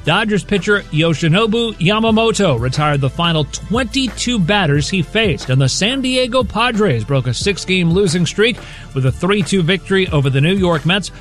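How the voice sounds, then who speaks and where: Brisk man reading sports news. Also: sits high, lively intonation, a bit bright, faint music behind. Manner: brisk, newsy. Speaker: sports news update anchor. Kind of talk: radio sports news update.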